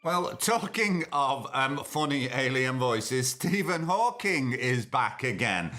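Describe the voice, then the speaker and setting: A man's voice: mid-range voice, very animated, takes it slowly, bright, forceful tone. A man hosting a podcast as a casual, jokey monologue full of sardonic asides. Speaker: podcast host.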